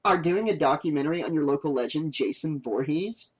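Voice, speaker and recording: A man's voice: fairly high pitch, expressive, a little fast. Man voicing a snappy young woman filmmaker. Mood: pushy. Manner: exasperated, snappy. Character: pushy young woman documentary maker, short-tempered.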